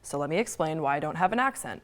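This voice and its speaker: Fast-talking young woman with an American accent. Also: deep voice, lively intonation. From Belgium. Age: young adult. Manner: playful and self-mocking. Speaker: student show presenter. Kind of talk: comic personal story to camera.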